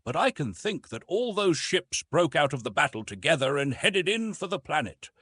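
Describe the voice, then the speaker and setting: A man's voice: a little high, big pitch swings, moderate pace, a bit bright, slightly rough, dry recording, voice pushed up, full character voice. A man voicing a blunt fleet commander. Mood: tense. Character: blunt male space-fleet commander, ruler of a planet.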